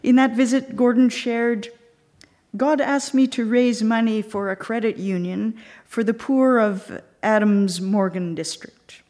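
Her pitch is fairly high and her intonation fairly even, with a dark tone, as she preaches a reflective sermon. She tells a story and sometimes slows, dropping to a near whisper.

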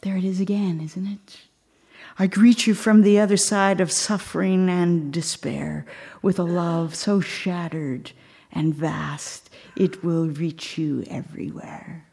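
Soft-spoken woman preaching slowly. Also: fairly low pitch, steady tone, vocal fry, slightly rough. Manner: reflective, slows and drops to a near whisper at times. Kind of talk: sermon with storytelling.

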